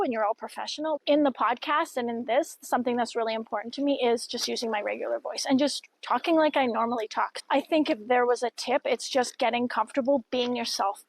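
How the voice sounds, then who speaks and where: Upbeat woman with a gravelly edge. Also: fairly high pitch, fairly even intonation, brisk, no echo, poor audio. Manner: upbeat, encouraging, chatty. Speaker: vlogger and podcaster. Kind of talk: casual talk to camera. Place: outdoors by a river.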